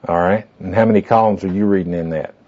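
A man's voice: deep voice, fairly even intonation, quick pace, a little mellow. A man leading a small group through a goal-setting handout, talking in a folksy, rambling way with fillers and asides. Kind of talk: informal classroom talk with anecdotes. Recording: dull lo-fi tape recording.

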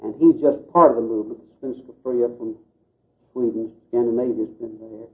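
A man's voice: medium pitch, fairly even intonation, fairly quick. A man giving an earnest, preacherly talk to a group, with folksy asides. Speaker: Baptist missions speaker. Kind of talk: lecture to a group. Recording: tinny phone-like old tape recording.

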